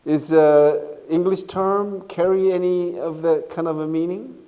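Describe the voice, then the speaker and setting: A middle-aged man with a Korean accent giving a university lecture, unhurried and often checking in with "okay?" and "right?". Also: on the high side, fairly even intonation, mellow, clean tone. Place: lecture hall. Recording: lecture hall with long reverb.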